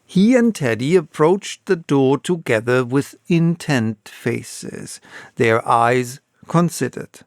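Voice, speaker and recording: A man reading a classic novel aloud, unabridged, with slow, expressive storytelling. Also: mid-range voice, no echo, studio quality. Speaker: audiobook reader.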